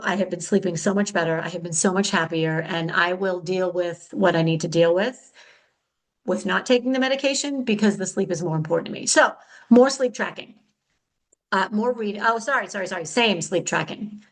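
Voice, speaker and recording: A woman's voice: medium pitch, brisk, poor audio. A middle-aged woman hosting her own podcast, talking in a candid, chatty way that is a little frenetic and full of self-corrections. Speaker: podcast host. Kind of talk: casual solo podcast talk.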